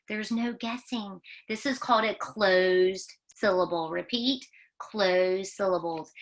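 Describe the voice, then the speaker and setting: A woman's voice: mid-range voice, fairly even intonation, a bit bright. A woman teaching a children's phonics lesson, patient and sing-song, stretching out words and repeating key phrases. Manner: patient, sing-song, drawn-out teacher talk with emphatic repetition.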